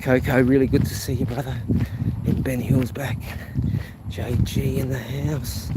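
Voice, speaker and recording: Kiwi male streamer, mid-pitched, rambling and friendly with viewers, recorded on a phone outdoors with loud ambient noise. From New Zealand. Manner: rambling, chatty, reads viewer comments aloud. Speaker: live streamer. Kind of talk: casual walking live stream. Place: outdoors on a rural path. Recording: outdoor noise with passing vehicles. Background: outdoor ambience, animals, vehicles.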